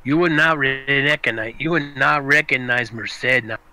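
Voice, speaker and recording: A man's voice: medium pitch, a little slow, heavy background noise, pitched below the performer's own voice, natural voice. A man voicing a laid-back, joking street guy who drawls slang like "man" and "homeboy" in a comic chat-show bit. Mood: rambling.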